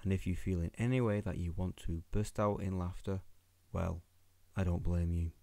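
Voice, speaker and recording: A man's voice: deep voice, steady tone, normal speed, vocal fry, warm tone, no echo. A man with a Northern English accent, hosting a comedy game review sketch, flustered and exasperated.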